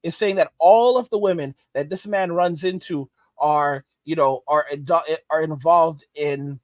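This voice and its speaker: High-voiced emphatic man. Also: a little slow, no room sound. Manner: emphatic, repeats phrases for stress. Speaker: reaction commentator. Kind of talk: reaction commentary.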